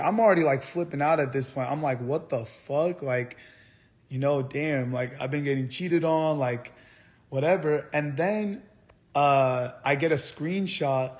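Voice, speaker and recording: A young man telling a heated story on a livestream, swearing often and repeating himself as he rants. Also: fairly high pitch. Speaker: streamer.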